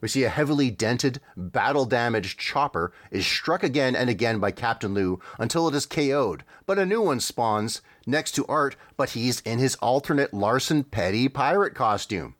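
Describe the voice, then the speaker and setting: A man's voice: medium pitch, expressive, normal speed, hardly any pauses, fairly bright tone, dry recording. A man in casual podcast chat, narrating what he sees on screen with wry amusement and the odd hesitant filler. His voice sits in a middling register and sounds dry and close, with almost no room behind it. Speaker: podcast co-host. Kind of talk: casual chat, describing a game trailer.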